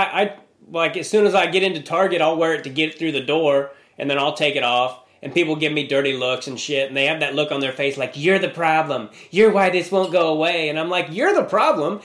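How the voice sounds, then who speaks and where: High-voiced rambling man on a call. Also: a bit bright. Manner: agreeable, rambling with many restarts. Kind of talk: casual video-call conversation. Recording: roomy, echoey sound.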